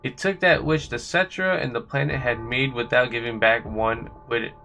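A man voicing a cold, proud male swordsman villain from a video game, reading his lines slowly and deliberately. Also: medium pitch, steady tone, creaky, pushed and bright, soft background music.

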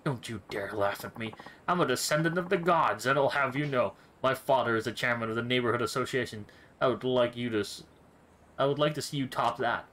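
A man's voice: medium pitch, fairly quick, a bit bright, slight background noise, close to an everyday voice, low-quality recording. A man doing a haughty self-styled nobleman. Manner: haughty, florid insults. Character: pompous self-styled male nobleman, thirties.

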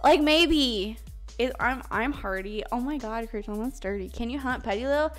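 A woman's voice: a little high, moderate pace, faint music behind. A woman live streaming a game, chatting casually with her viewers, giggly and swearing freely. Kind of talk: casual live-stream chat while gaming.

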